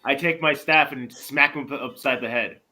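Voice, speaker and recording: Male player, bright, sharp voice, blunt deadpan replies, faint music behind. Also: medium pitch, normal speed.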